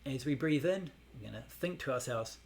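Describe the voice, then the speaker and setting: A man teaching a Buddhist meditation class, explaining in a relaxed way with many fillers. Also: mid-range voice, fairly quick.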